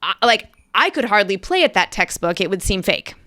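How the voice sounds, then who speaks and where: A woman's voice: medium pitch, sing-song, a little fast, a bit bright, no echo, studio quality. A woman actress, a guest in an interview, talking casually and acting out little quoted voices as she explains.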